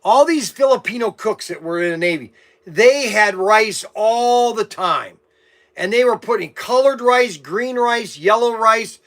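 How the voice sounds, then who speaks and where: A man's voice: high-pitched, a little slow, fairly bright tone. A man hosting his hobby channel, telling a meandering story in a casual monologue with grumbling asides. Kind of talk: casual rambling monologue to camera.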